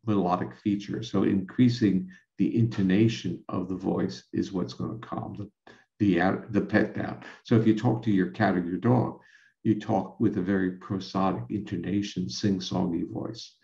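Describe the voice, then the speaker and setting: A man speaking as a scientist guest, explaining ideas in a measured, lecturing way with frequent restarts. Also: deep voice, gravelly, warm tone. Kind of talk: explanatory conversation. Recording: roomy, dull lo-fi sound.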